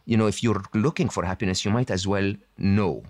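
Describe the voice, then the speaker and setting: A man's voice: on the low side, fairly quick, darkish tone, dry recording, studio quality. A man as a podcast guest, explaining in a self-assured, teacherly way and often adding "hmm?" or "okay?" to check in. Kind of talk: explaining to an interviewer.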